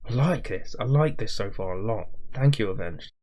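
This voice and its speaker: A man hosting a music reaction video, chatting casually with viewers in a rambling way, with a slightly rough morning voice. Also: fairly low pitch, expressive, moderate pace, dark tone, a little hiss or hum. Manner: rambling, chatty, self-aware waffling.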